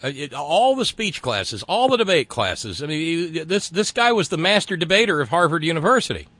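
Male talk radio host, sardonic, mocking, animated swinging pitch, dry close studio sound. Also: a little fast, slightly rough, no room sound. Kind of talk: call-in radio chat.

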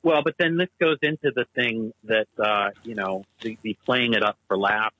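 A man's voice: fairly low pitch, moderate pace, bright, forceful tone, low-quality recording. A man co-hosting a casual talk show, speaking in an analytical, discursive way. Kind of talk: casual chat.

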